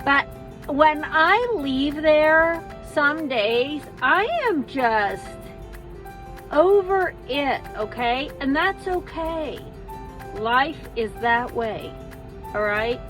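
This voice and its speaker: Woman, middle-aged, candid vlogger, a little high-pitched, music playing in the background. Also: lively intonation, very slow, a bit bright. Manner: frank, venting, then pep-talking. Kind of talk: casual vlog, talking to camera while walking.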